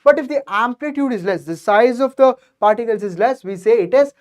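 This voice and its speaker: A woman's voice: on the high side, lively intonation, fairly quick, a little mellow. Woman teacher, "okay?" after every point. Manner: explains patiently, ends nearly every point with "okay?"; addresses students directly and checks understanding. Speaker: science teacher. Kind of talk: exam revision lecture.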